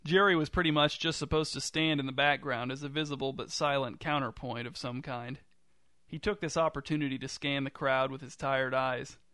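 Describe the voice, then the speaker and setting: A man's voice: mid-range voice, fairly even intonation, brisk, sharp tone, no echo. A man reading a story aloud with a dry, wry storytelling manner. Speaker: narrator. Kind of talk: storybook narration.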